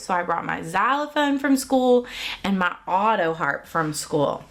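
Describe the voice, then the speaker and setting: A fairly high-voiced woman leads a music class for small children from her home music room. She speaks slowly, each word drawn out in a cheerful, sing-song teacher's manner, and counts and sings along with the kids. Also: lively intonation. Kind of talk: online music lesson for young children.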